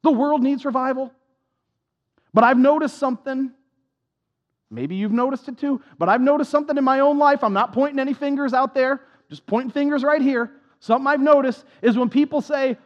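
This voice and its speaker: A man's voice: very high-pitched, fairly quick, in a large hall. A man preaching a sermon as pastor, impassioned and repetitive, with a self-deprecating touch, on a dull lo-fi recording.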